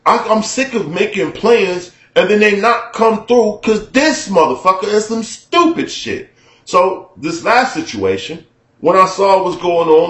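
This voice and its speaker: A man's voice: on the high side, roomy sound. A man telling a personal story to his viewers as a profane, conversational rant, often checking in with the listener. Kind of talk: casual storytelling rant to camera.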